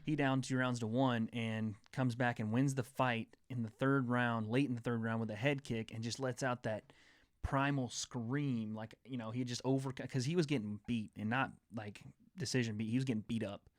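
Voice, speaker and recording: A man's voice: medium pitch, fairly even intonation, normal speed, no echo, studio quality. Male host, young adult, mid-range voice, rambling eager fight chatter. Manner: rambling, enthusiastic fight talk. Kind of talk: casual sports chat.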